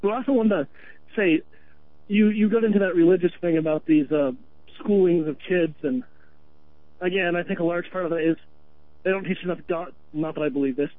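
A man from Vermont calls into a radio show and rambles on earnestly in a chatty way. His voice sits high for a man and comes through a tinny telephone line. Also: fairly quick. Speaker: caller. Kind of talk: phone-in radio talk.

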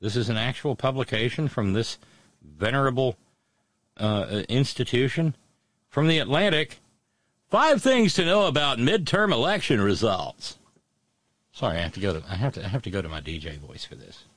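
A man hosting solo political commentary, sardonic and halting, often restarting his words. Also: mid-range voice, expressive, a bit bright, no echo.

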